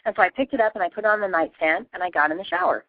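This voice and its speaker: A woman's voice: mid-range voice, animated, rapid-fire, dry recording. A woman hosting a casual radio interview, a chatty storyteller who laughs often. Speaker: host. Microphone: phone. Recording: tinny phone line, dry.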